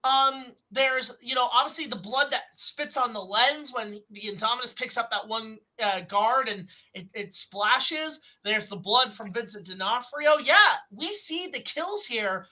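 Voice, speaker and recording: Excited woman doing a movie review, high pitched, super bright, swears a bit. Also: unhurried, few pauses, rough recording. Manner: excitable, enthusiastic, swears casually. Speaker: film reviewer. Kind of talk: casual film review chat.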